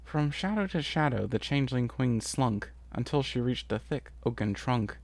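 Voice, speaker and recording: A man reading a rhyming fan story aloud in an even narrative rhythm. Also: medium pitch, moderate pace, creaky, no echo. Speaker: story reader. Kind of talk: scripted narration.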